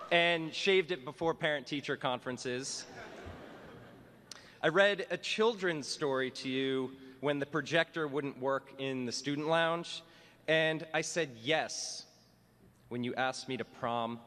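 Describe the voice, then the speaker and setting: A man's voice: mid-range voice, fairly bright tone, long reverb tail. A man, a teacher, giving a humorous commencement address in a wry, self-mocking way. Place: school graduation hall.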